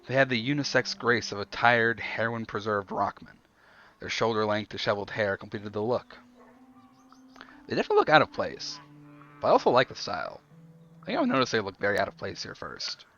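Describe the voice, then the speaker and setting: A man reads an interactive story game aloud on stream, narrating and commenting in between. His voice is bright and very lively in pitch. The recording has a muffled, lo-fi quality. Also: a little fast.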